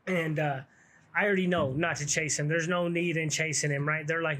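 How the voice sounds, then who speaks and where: A man's voice: fairly high pitch, steady tone, quick pace, fairly bright tone. A man telling a story from his own past in casual, slangy street talk, swearing freely and laughing along.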